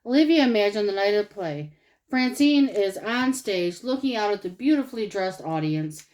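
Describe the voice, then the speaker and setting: A woman reading a children's storybook aloud with expressive, animated narration. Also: mid-range voice, normal speed, poor audio. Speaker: storybook reader.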